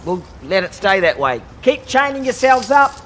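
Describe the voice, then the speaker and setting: A high-strung werewolf pack leader. His voice sits very high and bright and jumps around as he nags and scolds his pack. A faint hiss hangs behind him. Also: big pitch swings, normal speed. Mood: bossy. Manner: bossy, nagging, exasperated scolding. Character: fussy stressed male werewolf pack leader. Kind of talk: mockumentary film acting.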